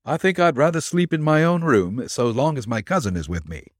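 A man's voice: fairly high pitch, animated, a little fast, no room sound, studio quality, pitched above the performer's own voice, natural voice. A man doing a disguised detective with a twang. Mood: deferential. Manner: deferential servant's talk with a twang. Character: shrewd male detective posing as a Yankee coachman.

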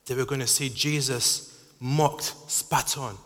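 A man gives a sermon in an earnest, halting way. He often restarts his phrases. His voice is bright and forceful, and a long hall reverb trails behind it. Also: medium pitch, fairly even intonation. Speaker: preacher.

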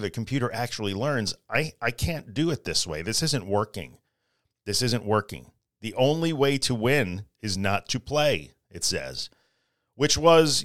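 A man's voice: mid-range voice, no room sound, studio quality. A middle-aged man hosting a solo podcast, talking casually but earnestly and repeating his key phrases for emphasis. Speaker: podcast host.

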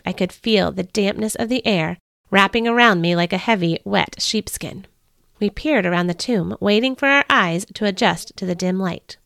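A woman hosting a devotional podcast, reading a first-person story in an earnest, measured way. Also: medium pitch, fairly bright tone, dry recording, clean studio sound.

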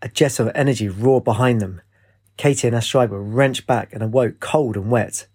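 A man narrating a storybook in a plain, even manner. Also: medium pitch, moderate pace, slightly rough. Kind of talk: storybook reading.

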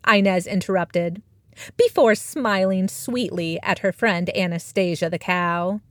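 A woman narrating a children's story she wrote, slow and expressive, recorded close and dry. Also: medium pitch, soft background music. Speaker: storyteller and author.

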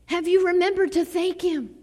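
A woman preaching a sermon to a church. She delivers it dramatically, dropping to soft near-whispers and then rising to fervent exclamations. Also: very high voice, fairly even intonation, normal speed. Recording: long reverb of a large hall.

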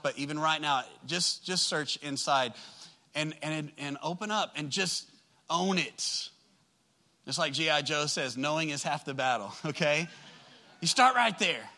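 Man, pastor, sermon to a church congregation, very sharp bright voice, animated, loud bursts and soft asides. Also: fairly high pitch. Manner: animated, swinging from loud emphatic outbursts to quiet soft asides; speaks directly to the congregation in a conversational way. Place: church service with a live congregation.

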